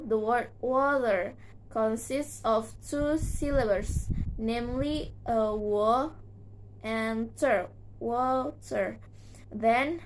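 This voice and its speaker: A young woman whose first language is Indonesian, giving a halting class presentation with many fillers and repeated words. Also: on the high side, a little hiss or hum, rough recording. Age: young adult. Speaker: student presenter.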